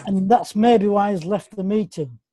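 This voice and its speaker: A man's voice: sits high, normal speed, warm tone. An English man rambling and apologising during a casual group video call. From England. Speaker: meeting participant.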